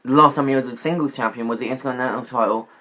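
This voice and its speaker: A man's voice: mid-range voice, steady tone, very fast, pushed and bright. A man giving wrestling predictions in a casual vlog, rambling and often correcting himself with many fillers. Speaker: YouTube wrestling commentator.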